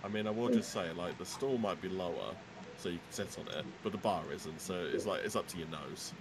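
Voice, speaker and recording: A man's voice: deep voice, a little fast, noisy background. A man running a tabletop game as game master, narrating and chatting in a hesitant, filler-heavy way.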